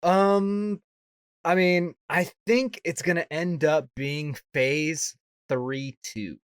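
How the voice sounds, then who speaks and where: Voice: medium pitch, fairly even intonation, very slow, a little hiss or hum. A podcast co-host giving match predictions in casual chat.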